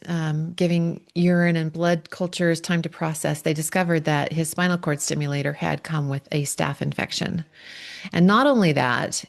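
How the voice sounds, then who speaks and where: A middle-aged woman, a relationship coach, gives a heartfelt, emotional podcast monologue, sometimes pausing to steady herself. Her voice is low and gravelly.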